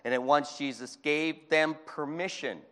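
A man preaching a fervent sermon in a church, moving between shouting and hushed speech. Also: fairly high pitch, steady tone, a little slow. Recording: long hall reverb.

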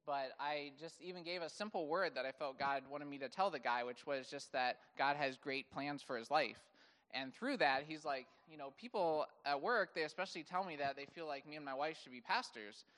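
A man's voice: fairly high pitch, a bit bright, in a large hall. A man sharing upbeat testimony with praise and hesitations. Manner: upbeat, praise-filled, halting.

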